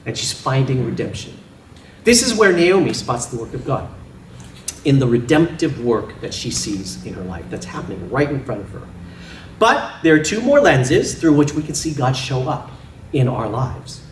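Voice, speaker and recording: A man preaching a sermon in a church, animated and often laughing as he makes his points with props and playful sound effects. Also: mid-range voice, normal speed, roomy sound, far from the mic, a little hiss or hum. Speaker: pastor. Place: church sanctuary.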